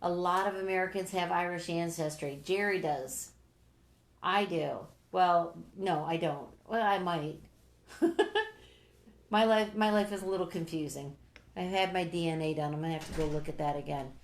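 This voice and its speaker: A woman host with a lowish, gravelly voice chats and teases on a live stream. She laughs easily and reads viewer comments aloud. Her voice echoes noticeably in the room. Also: normal speed. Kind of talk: casual live-stream chat.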